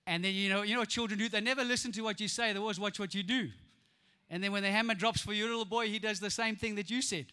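A man with a South African accent preaching a lively, playful sermon as a pastor, acting out voices and often laughing. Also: sits high, fast talker, clear, resonant tone. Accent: South African English. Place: church auditorium. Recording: echoey church hall.

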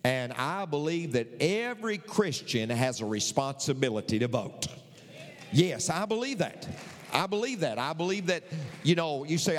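Older preacher man, lively and echoing. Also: a little high, moderate pace. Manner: emphatic, repetitive, folksy preaching with humor. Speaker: pastor. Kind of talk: sermon.

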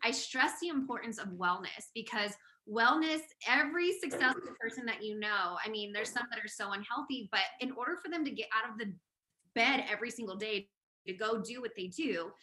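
A woman hosting a casual podcast chat. Her voice sits fairly high and sounds bright and forceful. She talks eagerly and at length. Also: fairly quick. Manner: enthusiastic, talkative, frequent laughs. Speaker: podcast host.

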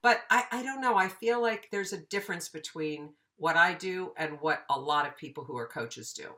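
Bright-voiced woman telling lively stories. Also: fairly low pitch, normal speed. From United States. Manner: animated, acts out quoted dialogue. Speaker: voiceover teacher, interview guest. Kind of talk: casual storytelling interview.

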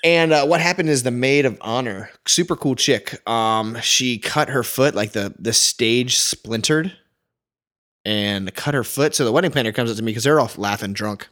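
Speaking at a normal pace in a mid-range voice, this podcast co-host, a wedding photographer, spins animated stories. He leans on "like" all the time in his casual delivery.

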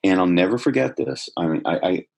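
A middle-aged man with a husky voice, earnestly telling a personal story in conversation, growing more animated as he goes. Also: low voice, fairly quick. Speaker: guest telling his life story.

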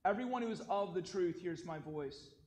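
A calm, solemn prisoner-king, read by a man who speaks in a measured, quieter tone. The voice is fairly high for a man and carries through an echoey church sanctuary over faint ambient noise. It is a liturgical scripture reading.

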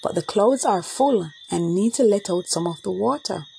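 A woman doing a calm, patient mother. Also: mid-range voice, moderate pace, creaky, a little hiss or hum, rough recording. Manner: calm and reassuring.

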